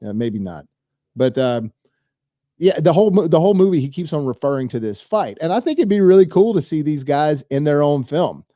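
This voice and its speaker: A man's voice: fairly high pitch, very animated, fairly quick, mellow, no room sound, clean studio sound. A man hosting a movie news show, talking casually and at length straight to his viewers, rambling and enthusiastic. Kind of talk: casual solo commentary.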